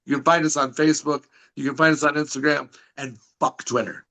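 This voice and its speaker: A man's voice: on the high side, level tone, quick pace, creaky, sharp tone, poor audio. A man chatting as a podcast guest, brash and swearing, talking up his wrestling events while losing his voice. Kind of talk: casual chat.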